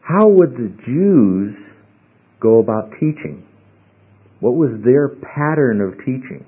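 Husky-voiced man leading a Bible class. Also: mid-range voice, expressive. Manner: halting, repeats words, asks the class questions. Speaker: Bible study teacher. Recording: muffled lo-fi recording.

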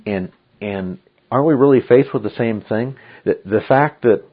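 Leading a Bible study, this emphatic teacher keeps asking "okay?" at a moderate pace. His mid-range voice carries a breathy edge, and the recording is dull and lo-fi.

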